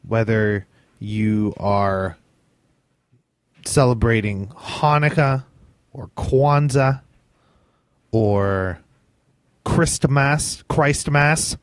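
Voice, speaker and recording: A man's voice: on the low side, extremely slow, pauses often, clean tone, no echo. A man hosting a fantasy football podcast in a casual, rambling chat, swearing freely and restarting his sentences. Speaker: podcast host.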